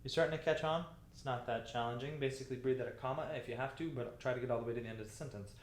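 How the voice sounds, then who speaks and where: A man teaching the alto part of a choir piece, explaining the markings patiently and speaking the lyrics slowly. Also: medium pitch, echoey room, slight background noise. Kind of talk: music lesson walkthrough.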